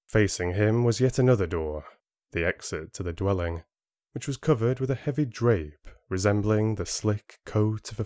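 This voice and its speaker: A man reading an audiobook in a steady storytelling manner into a close studio mic. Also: lowish voice, dry recording. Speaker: audiobook narrator. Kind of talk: scripted audiobook narration.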